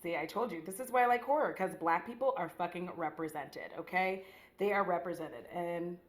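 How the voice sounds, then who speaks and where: A woman with a fairly low voice rambles through a casual makeup chat, full of slang, swearing and filler "likes." The room around her is echoey and bare. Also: fairly quick. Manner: rambling, slangy and profane, with frequent "like". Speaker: beauty vlogger.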